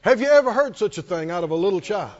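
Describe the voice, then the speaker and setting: High-voiced animated male preacher, lo-fi. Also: fast. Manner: animated preaching, repetitive, calls for congregation responses. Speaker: pastor. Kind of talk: sermon. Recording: dull lo-fi recording.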